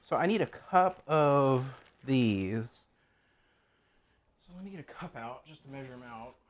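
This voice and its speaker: The man behind this casual cooking channel speaks in an expressive mid-range voice at a measured pace, joking and rambling as he chops in a home kitchen. He talks both to himself and to viewers, and there's a slight hiss or hum.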